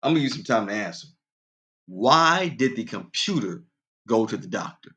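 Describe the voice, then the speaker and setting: Man, radio host, casual chat, corny jokes, playful, chuckling, lower voice. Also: animated, normal speed, sharp tone. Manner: playful, laughs at own jokes, addresses listeners directly; quoted voices go far higher in pitch.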